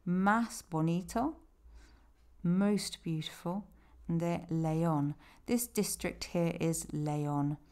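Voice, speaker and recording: A woman doing a voice-over that guides listeners through place names, explaining slowly and patiently with small fillers. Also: lowish voice, a little mellow. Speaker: tour company presenter.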